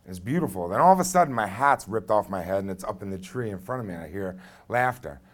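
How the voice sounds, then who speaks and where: A man's voice: lowish voice, expressive, fast talker. A man in his thirties telling a personal story on stage into a microphone, conversational and blunt with frequent fillers. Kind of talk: live first-person storytelling.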